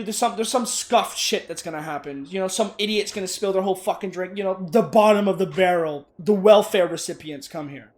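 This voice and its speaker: A man casually ranting and telling profane work stories while playing a game. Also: high-pitched. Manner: ranting, profane, animated storytelling. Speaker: gaming YouTuber. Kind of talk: casual rant over gameplay.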